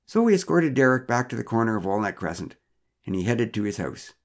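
A man's voice: medium pitch, big pitch swings, fairly quick. A man narrating a personal story with wry, dry humor.

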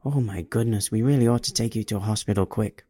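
Storybook figure: a creepy thin-voiced companion, pitying and mocking, read by a man in a dark, husky tone. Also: mid-range voice, fast, no room sound, studio quality, close to an everyday voice.

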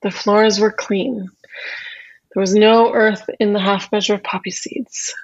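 A woman telling a folk tale in an animated, expressive way, adding playful asides. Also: mid-range voice, a little slow, slightly rough, muffled recording. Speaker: storyteller.

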